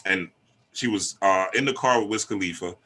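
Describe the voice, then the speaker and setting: A man giving a casual, animated monologue on relationships, checking in with "right?". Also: deep voice, moderate pace. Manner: animated, streetwise, lots of rhetorical "right?". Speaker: relationship talk host.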